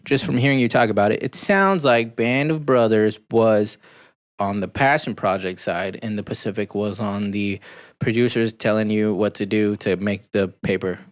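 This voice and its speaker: A man's voice: fairly low pitch, moderate pace. Rambling male podcast co-host. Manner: rambling, joking, self-deprecating. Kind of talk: casual chat.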